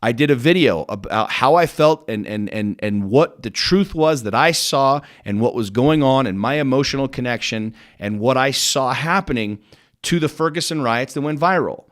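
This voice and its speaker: A man's voice: medium pitch, lively intonation, normal speed. A middle-aged man delivering a motivational monologue on his own podcast. He speaks bluntly and with intensity, swears freely, and hammers points home by repeating his words. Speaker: podcast host and business coach.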